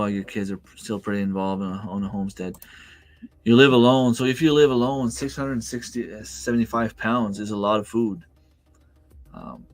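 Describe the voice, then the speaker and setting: A man with a lowish voice is heard in a dry recording. Hosting a relaxed livestream from home with a desk microphone, he reads viewers' comments and replies in a rambling fashion, with lots of fillers and restarts.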